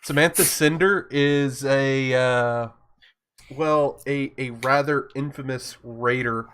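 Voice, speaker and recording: Slow, halting man as game master. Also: mid-range voice, fairly even intonation, a bit bright, clean tone. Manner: slow, halting, many ums and restarts. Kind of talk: running a tabletop game over voice chat.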